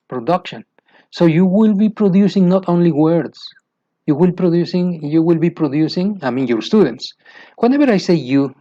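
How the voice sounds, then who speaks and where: Spanish-accented man, slow lecturing teacher trainer, halting, dull lo-fi sound, fairly high voice. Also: dark tone. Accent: Mexican Spanish. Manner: halting, repeats and restarts phrases, asks rhetorical questions.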